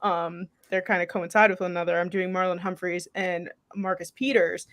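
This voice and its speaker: A woman's voice: lowish voice, flat delivery, moderate pace, fairly bright tone. A woman co-hosting a casual sports podcast, chatty and thinking aloud, with lots of 'like'. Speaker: podcast co-host.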